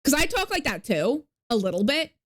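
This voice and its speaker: A woman's voice: high-pitched, sing-song, fairly quick. A woman streamer chatting casually with her viewers. She rambles with lots of fillers, swears freely and stops to thank new followers. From not New York. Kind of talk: casual live-stream chat.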